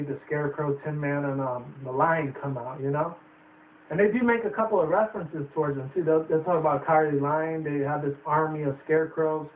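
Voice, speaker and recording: A man's voice: on the high side, far from the mic, slight background noise. A young man reviewing a movie in a rambling casual way, swearing often and using lots of fillers. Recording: tinny phone-like roomy sound from afar.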